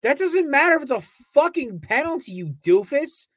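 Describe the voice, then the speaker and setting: A man's voice: very high voice, sing-song, normal speed, fairly bright tone, dry recording. Man, sports podcast co-host, fired-up rant, heavy swearing, dry close sound. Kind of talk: casual sports chat.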